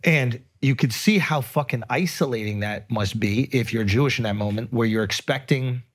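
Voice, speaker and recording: A man's voice: mid-range voice, normal speed. A man talking earnestly and emphatically in a casual podcast conversation, swearing freely. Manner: emphatic, earnest, frequent profanity. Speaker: podcast guest. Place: podcast studio.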